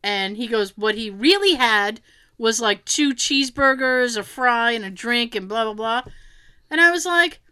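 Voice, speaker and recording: A woman with a highish voice and a clean tone tells a funny story at a measured pace in casual conversation. She's animated, acting out what other people said and laughing often.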